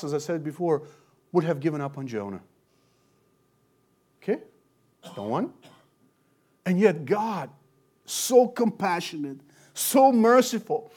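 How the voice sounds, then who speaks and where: A man preaching an expository sermon. He talks earnestly, rising loud on key points and dropping low and quiet after them. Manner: earnest, swells loud then drops low for emphasis. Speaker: pastor.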